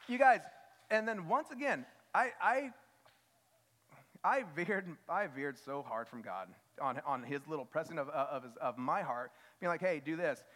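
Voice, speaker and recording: A fairly high-voiced man in his thirties preaches in a church, with a long reverb trailing his words. He tells stories about himself with humor, then pushes up into loud, emphatic bursts. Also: lively intonation, unhurried. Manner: self-deprecating storytelling, rises to loud emphatic peaks. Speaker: children's pastor. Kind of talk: sermon. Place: church sanctuary.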